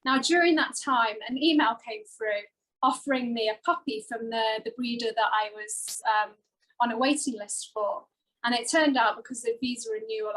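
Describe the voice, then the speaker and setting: A woman co-hosting a talk show, telling a heartfelt personal story with many pauses and fillers. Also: a little high, a bit bright, low-quality recording. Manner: earnest, emotional, rambling with many fillers.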